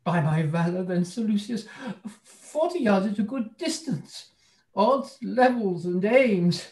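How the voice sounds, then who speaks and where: A man's voice: sits high, lively intonation, slow, darkish tone, far from the mic. A man reading a part aloud in a live play reading, blustering and nervous. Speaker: volunteer reader playing Acres. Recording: echoey room.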